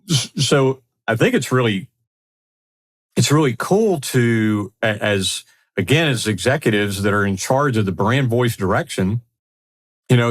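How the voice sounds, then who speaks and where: A man co-hosting a podcast in a casual, upbeat way, affirming his partner and building on his points. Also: lowish voice. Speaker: podcast co-host.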